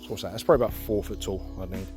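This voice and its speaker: A man casually explaining a camp setup outdoors in the woods, chatty and relaxed, with frequent fillers. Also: low voice, racing, over music. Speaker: outdoor channel host.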